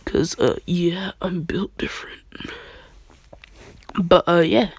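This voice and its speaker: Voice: mid-range voice, fairly even intonation, slow pace, slightly rough, no echo. A young adult with a congested voice, rambling through an improvised fan story in slangy casual talk. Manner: rambling, slangy, often breaking into laughter.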